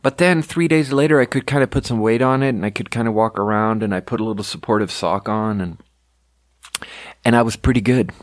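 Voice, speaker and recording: A young man from Sweden rambles through personal stories on his podcast, swearing casually and poking fun at himself. His voice sits a little low. The sound is close and dry, with no room around it. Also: quick pace, hardly any pauses, no echo. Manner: rambling, profane, self-deprecating storytelling. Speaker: podcast host. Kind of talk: casual monologue. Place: home room.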